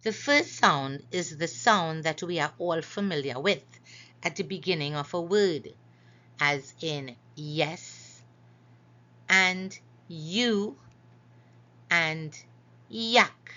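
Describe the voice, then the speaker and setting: A woman teaching a phonics lesson over slides, slowly stretching out and repeating each example word. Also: deep voice, pushed and bright, muffled recording. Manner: slow, careful, stretches out example words.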